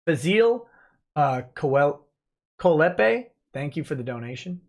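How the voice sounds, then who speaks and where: A man with a fairly high voice hosts a laid-back livestream at his desk mic. He reads viewer comments aloud in a chatty, offhand way and tosses quick replies back. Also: big pitch swings. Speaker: livestream host reading chat. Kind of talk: relaxed live-stream chat.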